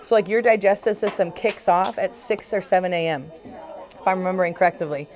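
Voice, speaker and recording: A woman's voice: on the low side, steady tone, fairly quick, darkish tone. A woman chiropractor leading a casual group talk, chatty, laughing often and acting out what her patients say.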